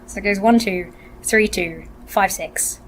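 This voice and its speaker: Tired woman rambling into a noisy webcam. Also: measured pace. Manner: rambling, soft-spoken, drifting into whispers. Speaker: vlogger and actor. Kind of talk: casual webcam vlog. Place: hotel room. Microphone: laptop webcam. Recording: noisy low-quality webcam audio.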